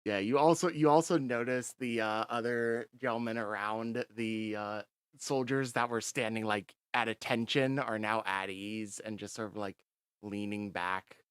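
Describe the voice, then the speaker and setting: A man's voice: lowish voice, fairly even intonation, a little slow, clear, resonant tone, no echo, studio quality. A man narrating as game master in a tabletop game, laid-back and chatty.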